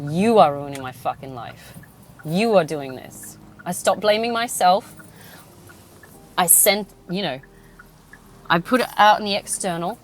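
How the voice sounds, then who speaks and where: A woman's voice: mid-range voice, a bit bright. A woman in her thirties hosting a podcast, talking bluntly with a lot of swearing in a casual monologue from inside a car. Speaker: podcast host. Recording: car road noise.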